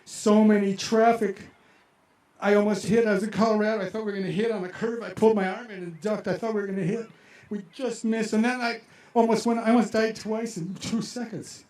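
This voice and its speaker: An older man in his sixties performs a personal story on stage, animated and emotional as he relives his own reactions. His voice sits fairly high for a man yet sounds mellow and warm. The sound is roomy, carried over a stage microphone. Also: fairly quick. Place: outdoor amphitheater.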